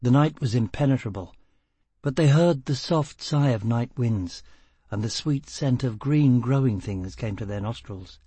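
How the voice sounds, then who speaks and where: A man narrating a novel as an audiobook reader, in a steady, dramatic storytelling manner. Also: mid-range voice, measured pace, husky, dry recording. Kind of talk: scripted narration.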